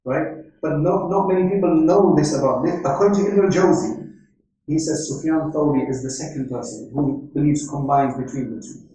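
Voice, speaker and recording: Lecturing on faith, an Islamic scholar moves at a moderate pace, mixing stories with Arabic quotations and frequent "right?" prompts. His voice is a bit high yet dark and mellow. The religious lecture is captured in a very echoey hall, with him far from the mic.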